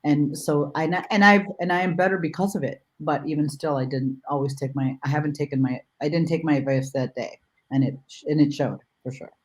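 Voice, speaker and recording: A woman dog trainer in casual conversation, speaking haltingly with many restarts and repeated words. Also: low voice.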